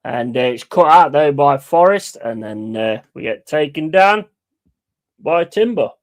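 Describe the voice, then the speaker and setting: A man hosting a football watch-along, calling play-by-play in a blunt, excitable and heavily sweary way. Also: a little high, measured pace. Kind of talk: live match commentary.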